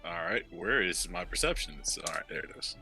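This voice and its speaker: A man's voice: low-pitched, lively intonation, fairly quick, bright, forceful tone. A young man playing in a tabletop game, joking and laid-back. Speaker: player. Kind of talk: tabletop role-play. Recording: faint music behind voice.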